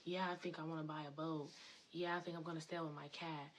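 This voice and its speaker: Woman doing a hesitant man musing on his dreams, tentative, lowish voice. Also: little pitch movement, fast, a little hiss or hum, natural voice.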